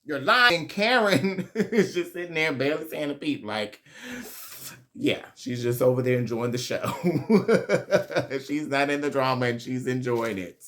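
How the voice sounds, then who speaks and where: A man's voice: mid-range voice, lively intonation, normal speed. A man hosting a casual reality TV recap, chatty, slangy and profane, laughing often.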